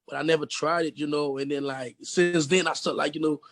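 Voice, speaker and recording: A young man with a deep voice and a foreign accent, a guest musician rambling casually with lots of fillers in an interview. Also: fairly quick, no room sound. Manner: rambling, relaxed, many fillers like "you know".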